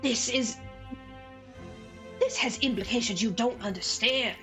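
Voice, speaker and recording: A woman's voice: on the high side, unhurried, a bit bright, soft background music. A woman doing a scolding lady. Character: stern angry middle-aged southern woman homeowner.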